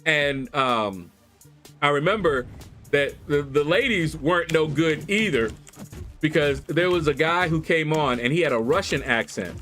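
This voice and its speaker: Man, livestream host, casual chat, animated, laughs often, slightly high pitch, desk mic, faint background music. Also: a little slow. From Kentucky. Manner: animated storyteller, laughs, squeals in mock voices. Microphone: desk USB microphone.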